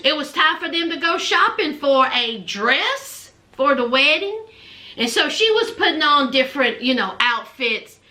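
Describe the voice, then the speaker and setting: A woman recapping a reality show in casual chat, animated, calling listeners honey and child and acting out what people said. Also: sits high, measured pace, echoey room. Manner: animated, says honey and child, acts out quotes.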